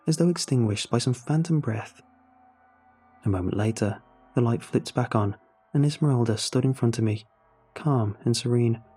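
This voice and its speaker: Husky-voiced man narrating a horror story. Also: medium pitch. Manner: steady measured first-person telling.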